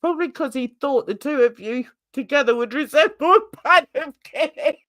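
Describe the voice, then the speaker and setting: An older woman from England hosting a casual livestream chat, laughing a lot and jumping into excited high squeals. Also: no room sound, studio quality. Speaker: host. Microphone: video call.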